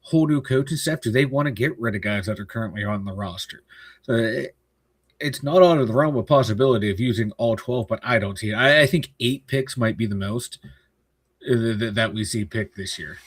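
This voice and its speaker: A man co-hosts a casual sports stream. His mid-pitched voice has a husky edge, and he talks bluntly, joking and swearing. The sound is close and dry. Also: fairly quick, dry recording. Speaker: co-host. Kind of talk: casual live sports chat.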